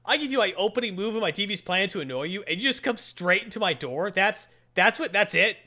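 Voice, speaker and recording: A gloating teen-boy villain with a bratty, whiny edge, put on by a man. He sits high and lively, swooping up and down as he taunts, with a bright, sharp tone. It is a comic-book brat told aloud. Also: moderate pace, exaggerated voice. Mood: taunting.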